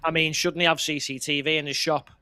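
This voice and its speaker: Blunt sarcastic English man, higher voice. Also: level tone, fast, pushed and bright, clean tone. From England. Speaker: podcast co-host. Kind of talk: casual opinionated chat.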